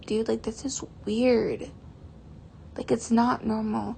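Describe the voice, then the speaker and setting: A woman's voice: fairly high pitch, little pitch movement, moderate pace, vocal fry, dark tone, a little hiss or hum. A teenage girl telling a story to camera in a casual vlog, chatty and exasperated, with lots of "like". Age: teens. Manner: chatty, exasperated, heavy use of "like". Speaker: vlogger.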